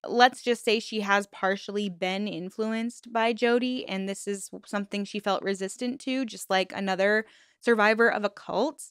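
Indignant young woman, smooth dry voice. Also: medium pitch, dry recording. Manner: indignant, emphatic, heavy use of "like". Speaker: commentary channel host. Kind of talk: true-crime commentary.

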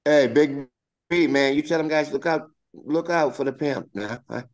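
A man's voice: on the high side, normal speed. A brash, boastful man chatting on a call in heavy slang. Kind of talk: casual chat.

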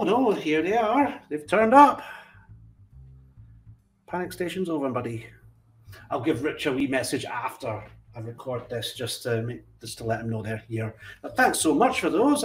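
A Scottish man chatting casually in a vlog as he opens his fan mail, with frequent warm exclamations and asides to his cat. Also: a little high, recorded from a distance. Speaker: coin collecting channel host. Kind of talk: casual vlog chat while opening mail.

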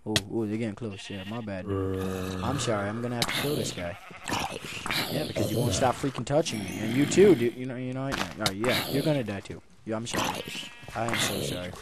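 A young man giving casual commentary while he plays a video game. He goes from low muttering to loud, excited outbursts and then back to chatting. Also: fairly quick. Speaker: gaming YouTuber.

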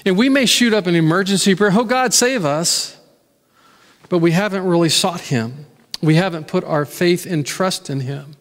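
A man's voice: high-pitched, moderate pace, big-room sound. A man preaching a sermon as pastor, in an earnest, conversational way, often restarting his words and acting out quotes. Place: church sanctuary.

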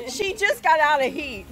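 A woman's voice: sits high, heavy background noise. A woman filming her dog in a yard, cooing and gushing over a puppy and laughing often. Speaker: dog owner vlogger. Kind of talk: casual home video chat. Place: outdoors in a yard.

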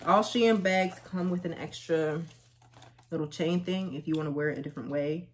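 A young woman chatting casually through a try-on haul, telling stories in lively slang. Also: deep voice, moderate pace. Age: young adult. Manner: chatty, animated storytelling with slang. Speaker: vlogger.

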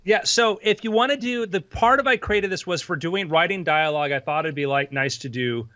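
A man's voice: high-pitched, a little fast, bright, forceful tone, no room sound, highs cut off. A man who built a dictation app, patiently walking a host through it step by step in casual chat. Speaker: app developer guest. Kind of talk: explaining software in casual chat.

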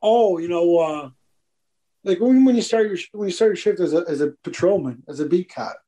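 A man's voice: high voice, a little fast. A man, a police officer guest, telling stories in a casual interview and animatedly acting out the people in them. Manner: animated, acts out voices in anecdotes.

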